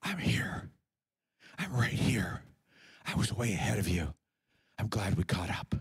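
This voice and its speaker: A man voicing God as a gentle male presence, speaking in a soft, low, whispered way to comfort a frightened listener. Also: animated, unhurried, husky, dry recording, studio quality, heavily acted. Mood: tender whisper. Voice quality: whispered, hushed. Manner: tender, comforting.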